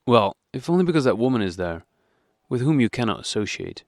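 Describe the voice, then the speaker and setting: A man's voice: mid-range voice, big pitch swings, brisk, no echo, studio quality, voice pushed up. A man reading an audiobook, voicing a troubled husband who speaks sternly and with restraint.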